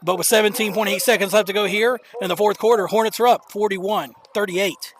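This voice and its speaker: High-voiced, nervous hometown sports announcer. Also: male voice, fairly quick. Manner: excitable, openly nervous and partisan. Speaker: play-by-play commentator. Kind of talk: live local sports commentary. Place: outdoor stadium bleachers. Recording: noisy outdoor stadium stream.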